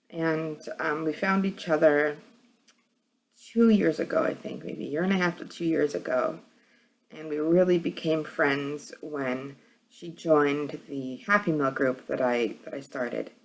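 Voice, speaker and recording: Low-voiced New York woman vlogger. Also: a little hiss or hum. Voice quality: hard, edgy voice. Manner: rambling, many fillers and restarts. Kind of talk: casual chat.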